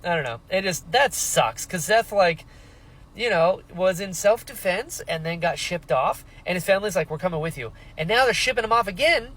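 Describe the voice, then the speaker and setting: Animated young man reacting to a book. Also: high-pitched, normal speed, rough recording. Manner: animated, acts out characters with exaggerated quotes. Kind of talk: casual book reaction monologue.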